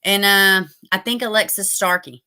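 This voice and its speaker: A woman's voice: mid-range voice, steady tone, normal speed, pushed and bright, clear, resonant tone. A woman hosting a casual livestream, rambling and cursing as she talks straight to her viewers. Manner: loose and rambling, swearing, talking to viewers. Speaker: true crime livestream host.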